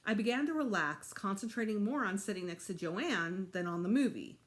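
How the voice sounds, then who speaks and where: Teacher reading a storybook aloud, animated. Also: female voice, medium pitch, normal speed. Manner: expressive, animated. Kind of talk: reading a children's book aloud.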